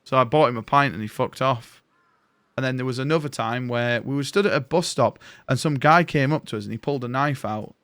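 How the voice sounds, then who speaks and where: A man's voice: mid-range voice, brisk, fairly bright tone, clean tone, no room sound. A man, a game streamer casually telling rambling stories and swearing freely. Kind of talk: casual chat while gaming.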